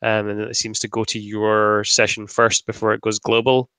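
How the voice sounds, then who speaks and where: A man's voice: on the low side, monotone, normal speed, fairly bright tone, clean tone, no echo. A man co-hosting a casual podcast over a headset, laid-back and a little dismissive, with lots of ums. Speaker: podcast co-host. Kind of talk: casual chat.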